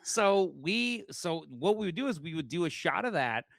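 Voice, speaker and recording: A podcast host from St. Louis tells stories in casual chat. His fairly high voice swings widely as he acts out the people he quotes. The sound is close and dry. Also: sing-song, normal speed, gravelly, fairly bright tone, no echo. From St. Louis, USA.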